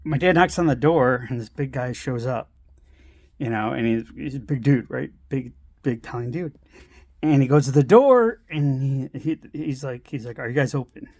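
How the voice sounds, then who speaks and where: A man casually telling a family story, halting with fillers and restarts and laughing often. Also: mid-range voice, darkish tone, no room sound.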